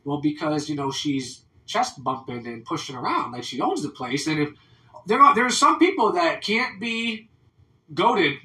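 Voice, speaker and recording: An American man hosting a podcast, ranting loudly and profanely in casual talk, mimicking people in mocking voices. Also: a little high, sing-song, normal speed. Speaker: podcast host. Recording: roomy, mic at a distance.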